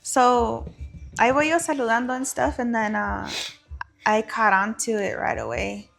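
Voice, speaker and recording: A woman's voice: fairly high pitch, normal speed, creaky, fairly bright tone, soft background music. A woman talking frankly and profanely as a guest, telling a personal story with Spanish phrases mixed in.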